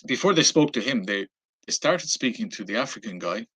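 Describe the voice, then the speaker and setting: A travel vlogger from Ireland rambles through a casual anecdote about his travels, full of fillers and restarts. His voice sits on the low side and is expressive, a little fast, a bit bright, and slightly rough.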